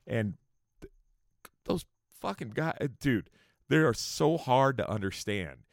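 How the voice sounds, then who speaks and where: A man's voice: medium pitch, animated, takes it slowly, gravelly, no room sound, clean studio sound. A man telling casual, profane tour stories in a rambling way with joking asides. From California. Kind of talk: casual storytelling monologue.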